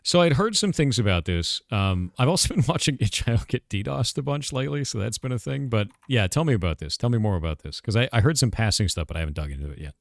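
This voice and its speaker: A man co-hosting a casual tech podcast, relaxed and enthusiastic, with slangy speech. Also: mid-range voice, quick pace, creaky, few pauses, dry recording, studio quality. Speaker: podcast co-host.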